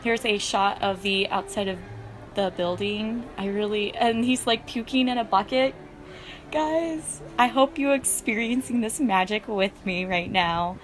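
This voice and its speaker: A woman's voice: mid-range voice, a little slow, soft background music. Chatty, gushing young woman vlogger. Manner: chatty, gushing, full of "like" fillers. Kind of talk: casual vlog voice-over.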